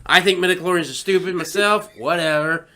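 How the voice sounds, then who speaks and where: A podcast co-host in casual chat, animated and swearing freely, acting out scenes with sound effects. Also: mid-range voice, brisk.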